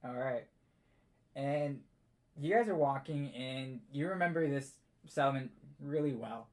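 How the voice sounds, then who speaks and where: A man's voice: medium pitch, unhurried. Laid-back man narrating a tabletop game. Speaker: game master.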